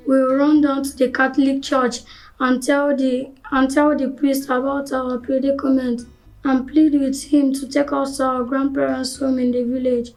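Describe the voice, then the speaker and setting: A woman's voice: sits high, flat delivery, moderate pace, darkish tone, rough recording. A young woman playing someone who urgently plans an escape in a film. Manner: urgent and determined. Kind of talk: Nollywood film acting. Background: faint music.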